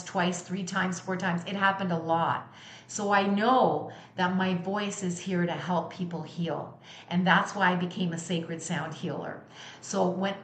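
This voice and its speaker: A woman's voice: medium pitch, a bit bright, echoey room. A middle-aged woman giving a motivational talk as a sound healer, speaking candidly and emphatically, with blunt swearing.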